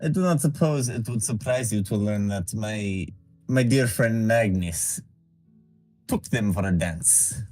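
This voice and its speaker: A man's voice: lowish voice, unhurried, a little mellow, faint music behind. A man role-playing his character in a tabletop game, speaking formally without contractions, often stumbling and repeating words.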